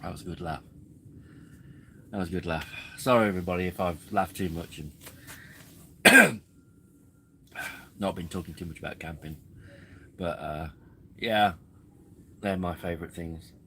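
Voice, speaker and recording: Bloke on a camping livestream, low-ish voice, chuckles a lot, rambles. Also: male voice, normal speed, long pauses, bright, forceful tone, a little hiss or hum, low-quality recording. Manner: rambling, chuckling, easily amused. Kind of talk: casual live-stream chat. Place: outdoors at a campsite.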